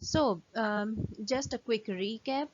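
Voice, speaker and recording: A woman lecturer, giving a fast recorded lesson full of "um" and "uh" fillers. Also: fairly high pitch, dull audio, slight background noise.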